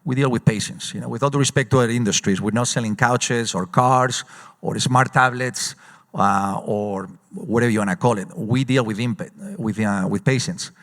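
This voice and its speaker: Executive man telling stories in a reverberant hall. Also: mid-range voice. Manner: animated storyteller, quick bursts with frequent uh fillers. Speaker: company executive guest. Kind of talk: live on-stage conference interview. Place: large conference hall.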